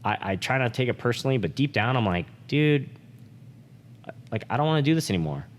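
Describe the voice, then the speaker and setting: A man's voice: mid-range voice, lively intonation, quick pace, big-room sound, a little hiss or hum. A man co-hosting a podcast, talking candidly and emotionally with lots of "like" fillers and swearing. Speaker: podcast co-host.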